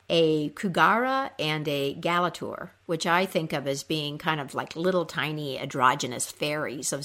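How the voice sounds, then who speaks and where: A woman's voice: low voice, a bit bright. A woman retelling a myth in a casual, conversational storytelling style. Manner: unhurried, conversational.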